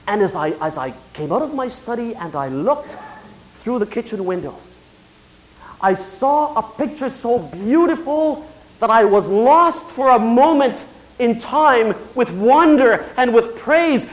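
A middle-aged man preaching a sermon in a notably high voice. He talks in a quiet, confiding way when telling a story, then slows down to stress each phrase as he proclaims. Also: low-quality recording. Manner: swings from quiet confiding to slow emphatic declaration. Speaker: pastor.

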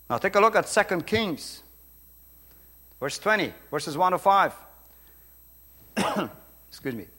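Brief: middle-aged Brazilian-accented male pastor, high voice, emphatic sermon delivery with quiet asides. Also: expressive, slow pace, long pauses. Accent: Brazilian Portuguese. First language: Portuguese. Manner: emphatic, swings between loud preaching and quiet asides.

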